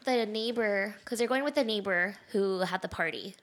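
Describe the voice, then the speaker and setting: A woman co-hosting a casual podcast, chatting about a film and adding details in a relaxed, conversational way. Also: medium pitch, normal speed. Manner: chatty, adds details, whispers when quoting creepy lines. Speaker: podcast co-host. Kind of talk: casual movie recap chat.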